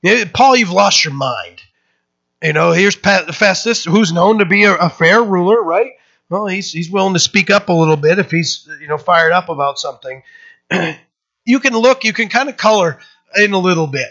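A pastor preaching a sermon in a conversational, emphatic way, with many fillers and restarts, and breaking into lively quoted voices. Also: male voice, moderate pace, highs cut off. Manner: acts out quoted voices with sudden lifts in pitch.

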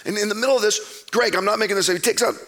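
A man preaching a sermon, telling a story with animated swings between loud outbursts and hushed drops. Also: high voice, racing. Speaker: pastor. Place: church stage.

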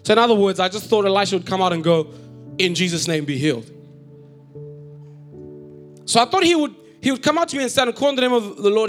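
High-ish voiced guy preaching in church, jokey storytelling sermon, acts out bits. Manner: animated, joking, acts out quotes.

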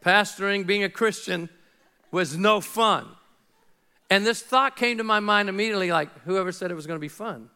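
Middle-aged guy preaching, high bright voice, lively and chatty, acts out back-and-forth bits. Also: moderate pace, clear, resonant tone. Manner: animated, conversational preaching with acted-out dialogue. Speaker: pastor. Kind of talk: sermon.

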